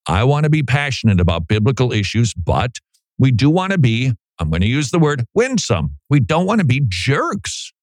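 A man's voice: mid-range voice, sing-song, normal speed, no echo. A middle-aged man hosting a Christian talk show, speaking conversationally and animatedly, sometimes mimicking other voices for emphasis. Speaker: Christian radio host. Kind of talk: opinion talk monologue.

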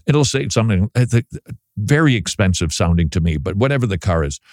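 A man's voice: lowish voice, expressive, normal speed, darkish tone, dry recording, studio quality. A man hosting a Christian talk show, chatting casually with wry, self-deprecating humor.

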